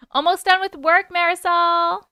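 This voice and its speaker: A woman hosting a live stream, reading viewer comments aloud and greeting people in a bubbly, chatty way with a high, squeaky voice. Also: slow, bright, forceful tone, dry recording, studio quality. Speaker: host reading live chat. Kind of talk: casual live-stream chat.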